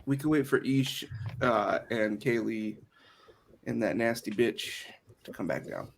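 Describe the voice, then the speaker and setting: Chatty gravelly-voiced man at a game table. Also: mid-range voice, a little slow, slight background noise. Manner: chatty, laughing, enthusiastic. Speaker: player. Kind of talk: casual chat at a game table.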